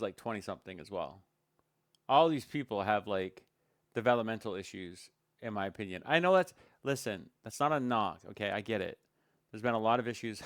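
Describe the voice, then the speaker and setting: Male reaction commentator, sarcastic and blunt, smooth voice, dry close mic. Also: lowish voice, dry recording.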